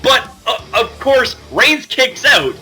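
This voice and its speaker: A young man hosting a casual video review, excitable and gushing, swearing freely as he talks. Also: very high voice, slow pace. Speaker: YouTuber reviewing wrestling.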